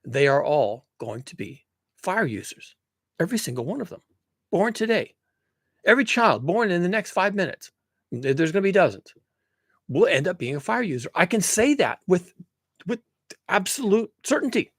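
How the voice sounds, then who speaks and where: A man's voice: sits high, big pitch swings, moderate pace, long pauses, no room sound. A man giving a casual, emphatic monologue, rambling with restarts as he builds his points. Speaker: commentator on climate and human nature.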